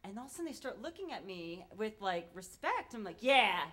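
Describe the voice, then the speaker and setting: A woman telling a first-person story live on stage in a casual, animated and profane way. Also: medium pitch, fairly quick.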